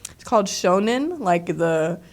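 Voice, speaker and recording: Chatty dancer woman, fast with many fillers. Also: lowish voice, animated, darkish tone. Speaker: dancer and choreographer, guest. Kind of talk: casual interview chat.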